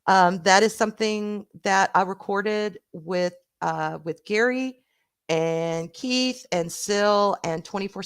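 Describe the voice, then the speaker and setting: In a smooth, mid-range voice, a middle-aged woman from the American South chats casually with her stream audience in a Southern accent. She's warm, laughs often, and swears every so often.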